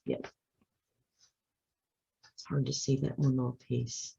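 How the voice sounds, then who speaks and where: A woman's voice: extremely low pitch, level tone, takes it slowly, gravelly, mellow, slightly rough. A woman hosting a casual card-making tutorial at her craft desk, chatting her way through each step with self-deprecating asides. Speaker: craft channel host. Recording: slightly dull lo-fi sound.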